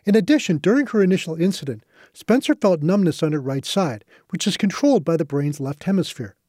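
A man narrates a scripted nonfiction piece in a steady, measured voice. His tone is mellow and slightly higher than usual for a man. The recording is close and dry. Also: dry recording.

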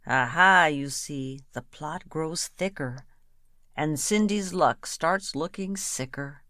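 A woman reads comic rhyming verse in a slow, playful rhythm. Her voice sits a little low, and the recording is close and dry with no room sound. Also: fairly bright tone, dry recording. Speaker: reader.

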